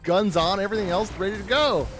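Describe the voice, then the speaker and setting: A man's voice: high voice, fast talker, fairly bright tone, faint music behind. A man chatting casually on a live stream, dry and wry, often chiming in with short agreements.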